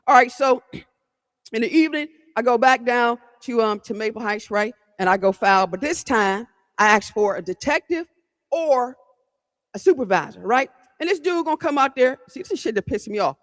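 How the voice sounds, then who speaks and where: A woman host from the Cleveland area, telling a story on her podcast in a blunt, fired-up way, swearing, repeating herself and talking straight to her listeners. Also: medium pitch. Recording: long hall-like reverb.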